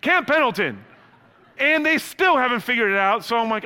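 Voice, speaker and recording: A man's voice: extremely high pitch, expressive, moderate pace, pushed and bright, in a large hall. A man preaching a sermon as a pastor, telling a story with humor and casual asides.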